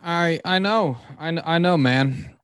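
A man co-hosting a casual sports podcast, talking in an animated, exasperated way with swearing and sarcastic asides. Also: a little high, unhurried, clear, resonant tone, no room sound, clean studio sound. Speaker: podcast co-host.

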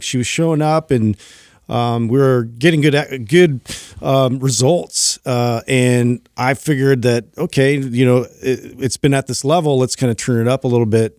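A man's voice: medium pitch, darkish tone, no room sound, studio quality. Man telling a rambling self-deprecating story. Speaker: podcast co-host, former personal trainer. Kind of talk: casual storytelling chat.

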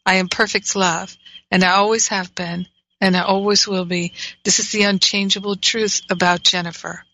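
A woman's voice: mid-range voice, flat delivery, normal speed, bright, forceful tone, no echo. A middle-aged woman, a spiritual teacher and host, telling a personal story in an earnest, frank and reflective way. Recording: dry, slightly dull sound.

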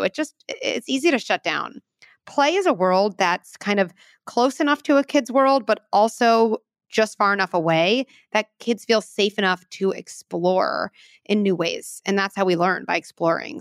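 A woman in her thirties, a parenting expert explaining advice in an interview with earnest, lively examples. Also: medium pitch, no room sound, studio quality.

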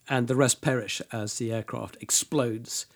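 A man explaining events in casual speech, halting with fillers and restarts. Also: mid-range voice, fairly even intonation.

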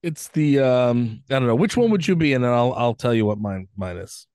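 A man's voice: mid-range voice, expressive, moderate pace, darkish tone, no echo, studio quality. A man co-hosting a podcast, chatting casually and joking, often acting out silly voices. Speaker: podcast co-host. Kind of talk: casual chat.

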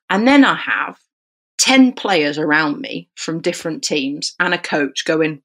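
Woman referee; animated podcast storyteller who acts out the voices in her tale, slightly low voice. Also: measured pace. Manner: animated storyteller acting out dialogue. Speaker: rugby referee. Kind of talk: podcast anecdote.

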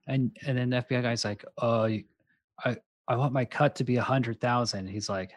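A man talking through a movie plot on a podcast with loose, animated energy, slipping into quick character voices as he goes. The sound is close and dry, with no room around it, and his pitch sits in an ordinary middle range. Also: no echo. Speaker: podcast co-host. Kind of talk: casual chat recapping a movie.

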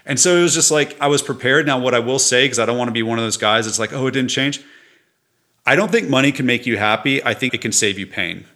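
A man's voice: medium pitch, quick pace, few pauses, bright, forceful tone. A middle-aged entrepreneur speaking candidly and reflectively as a guest in an interview, sometimes laughing as he tells his stories. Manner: earnest, reflective, laughs while telling stories.

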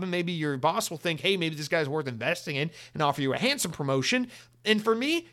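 A fast-talking man with a fairly high, fairly bright voice hosts a solo gaming podcast from his home office. He delivers news and an outro rant, rambling and sarcastic, swearing freely as he mock-rants at his listeners.

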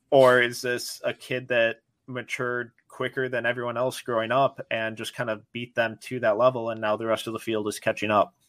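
A man's voice: medium pitch, fairly bright tone, no echo. A man hosting a sports podcast, putting long, layered questions to his guests. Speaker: podcast host.

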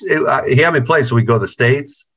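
A guitarist telling stories in a casual interview over a video call, rambling and swearing constantly. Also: male voice, mid-range voice, quick pace, fairly bright tone. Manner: rambling, profane, heavy on "you know". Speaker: guitarist in a band.

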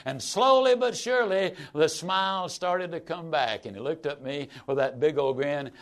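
A man, a sales trainer telling a folksy, animated story with dramatic pauses. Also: a little high.

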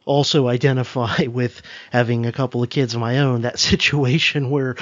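A mid-pitched man hosts a podcast, chatting casually and chiming in with easy agreement. His voice sounds dry and close, with slightly muffled lo-fi audio. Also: level tone, normal speed, no room sound. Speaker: podcast host.

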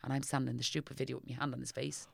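A woman's voice: extremely low pitch, flat delivery, rapid-fire, vocal fry, no echo, clean studio sound. A middle-aged woman with a Dublin accent chatting as an interview guest, telling stories animatedly and acting out what people said. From Ireland. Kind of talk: casual chat.

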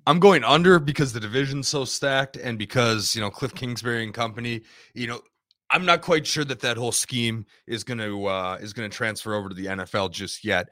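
A man co-hosts a sports podcast in easy, rambling chat, leaning on "you know" as he talks through his picks. His voice sits a little low but rings bright and forward, recorded close and dry. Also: dry recording. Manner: loose, filler-heavy with frequent "you know". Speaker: podcast co-host.

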